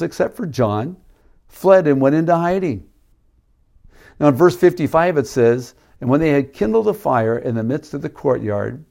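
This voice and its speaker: A man's voice: mid-range voice, creaky, a little mellow. A man preaching a sermon, reading scripture aloud and explaining it with casual asides. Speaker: pastor.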